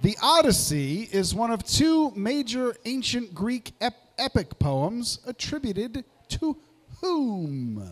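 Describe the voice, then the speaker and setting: High, lively-voiced man hosting pub trivia. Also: takes it slowly. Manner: jokey, reads out answers with asides. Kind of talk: live quiz hosting.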